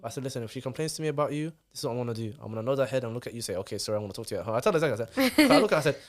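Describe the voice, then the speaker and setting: Fast-talking dad. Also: male voice, mid-range voice. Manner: fast, animated storytelling. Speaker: guest, father of four. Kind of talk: casual podcast chat.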